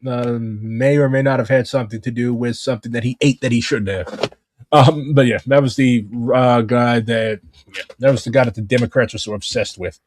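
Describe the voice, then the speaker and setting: A man's voice: medium pitch, fairly even intonation, moderate pace, no room sound. A man hosting a casual political chat, talking in a rambling, profane way with lots of fillers.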